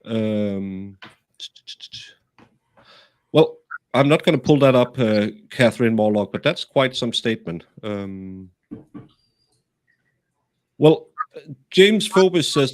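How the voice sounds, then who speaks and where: A man hosting a livestream, reading viewer comments aloud and halting often as he searches for words. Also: on the low side, expressive. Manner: halting, many fillers and restarts. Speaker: host.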